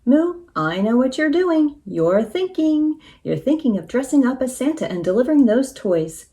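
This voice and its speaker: A woman's voice: high voice, big pitch swings, normal speed, dark tone, voice pushed up. A woman voicing a doubtful, sensible female cow in a storybook, skeptical and exasperated.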